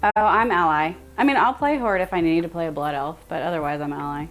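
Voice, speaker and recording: A woman's voice: on the low side, fast. Chatty woman streamer with music behind. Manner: chatty, animated, laughs often. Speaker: live streamer. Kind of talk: casual live-stream chat with viewers.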